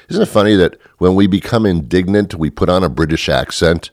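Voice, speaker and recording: A man's voice: low-pitched, brisk, few pauses, darkish tone, no room sound, clean studio sound. A middle-aged man hosting his own show, drifting through a comic monologue full of mock outrage and chuckles. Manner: mock-indignant, chuckling, meandering. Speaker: podcast host.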